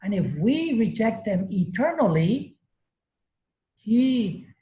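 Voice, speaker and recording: A man's voice: sits high, sing-song, slow pace, warm tone, echoey room, poor audio. A man leading a classroom discussion as course instructor, emphatic, repeating his points and laughing easily.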